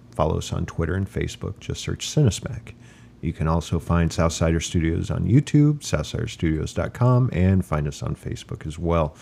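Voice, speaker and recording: A man with a low voice hosts a casual podcast, bantering with his co-hosts. He is jokey and quick to laugh as he wraps up the show. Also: creaky, warm tone. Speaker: podcast host.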